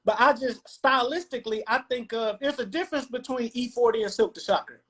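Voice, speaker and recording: A man's voice: very high-pitched, fairly quick, bright, forceful tone. Laid-back man hosting hip-hop talk. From Detroit, USA. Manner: laid-back, explanatory, frequent "you know what I'm saying". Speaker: podcast host.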